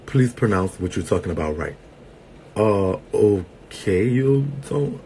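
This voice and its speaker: A playful, sassy man chats to his viewers, laughing through his words and calling them girl and sweetheart. His voice sits a little low, and he swings from loud bursts to quiet asides. A faint noise runs behind him. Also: lively intonation, slow pace. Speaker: vlogger and entertainer. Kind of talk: casual talk to viewers.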